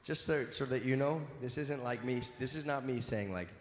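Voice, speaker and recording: A man's voice: medium pitch, normal speed, slight background noise. Man bantering onstage in an echoey hall. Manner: playful mock-indignant crowd teasing. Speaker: comedic performer on stage. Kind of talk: live stage banter with audience. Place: large venue on stage. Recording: echoey hall, live room ambience.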